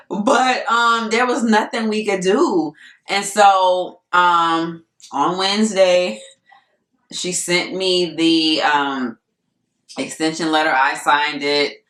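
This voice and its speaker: A young adult woman telling a story to camera in a casual vlog, animated and laughing often as she acts out what people said. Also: fairly low pitch, takes it slowly. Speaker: vlogger. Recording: echoey room, mic at a distance.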